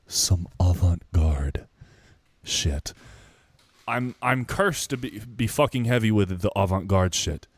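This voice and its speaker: A man's voice: on the low side, normal speed, few pauses, no echo. Young man, casual rambling vlog monologue, self-mocking, dry close recording. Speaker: musician vlogger.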